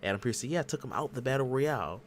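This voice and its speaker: A man hosting a casual wrestling podcast, telling the story with lively acted-out quotes. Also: medium pitch, racing, a little hiss or hum. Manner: animated storyteller acting out quotes. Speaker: podcast host. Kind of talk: casual wrestling recap chat.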